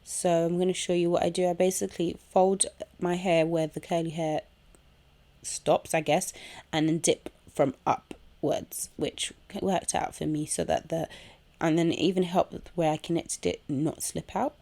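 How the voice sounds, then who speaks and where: A young woman runs a casual hair tutorial from home, chewing gum and chatting through each step, with a kettle somewhere nearby. Her voice is low-ish and dark in tone, her intonation fairly even and her pace moderate.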